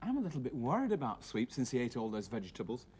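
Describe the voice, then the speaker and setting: A man hosting a children's puppet show, narrating playfully with a lively, sing-song pitch. Tape hiss runs under his voice. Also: fast. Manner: playful, storytelling, prone to giggling fits. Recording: hissy old tape.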